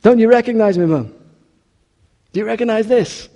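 A man's voice: high-pitched, moderate pace, mellow, in a large hall, pitched above the performer's own voice. A man preaching voices a grown Scottish son begging his mother to recognize him, in a put-on Scottish accent, urgent and pleading.

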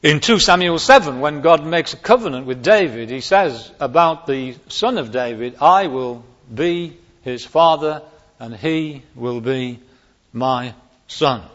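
A man's voice: a little high, lively intonation, unhurried, a bit bright. A man preaching a sermon on a psalm, stressing key words emphatically and rising sharply on them. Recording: long hall reverb, dull lo-fi sound.

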